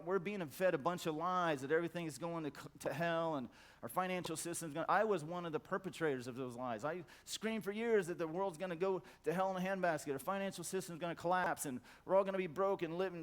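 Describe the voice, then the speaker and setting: A middle-aged man giving a profane conference talk, blunt and emphatic, stacking repeated words for effect. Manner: acts out quoted voices in a loud high squawk. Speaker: conference speaker. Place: conference hall.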